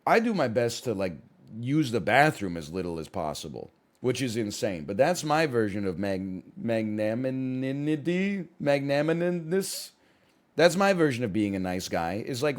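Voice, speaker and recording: A man streaming live, chatting casually while he plays a game, rambling and often rising to loud outbursts. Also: mid-range voice, lively intonation, normal speed, soft background music.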